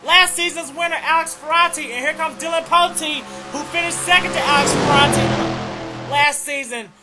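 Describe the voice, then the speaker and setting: A young man doing excited play-by-play commentary on a race, repeating "oh man" and running out of breath. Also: extremely high pitch, moderate pace, over loud music. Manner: excitable, keeps saying "oh man".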